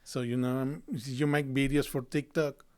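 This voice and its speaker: Man speaking halting, English. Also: mid-range voice, steady tone, darkish tone. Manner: halting, many fillers and restarts, non-native phrasing. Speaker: guest, marketing business owner. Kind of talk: casual podcast chat.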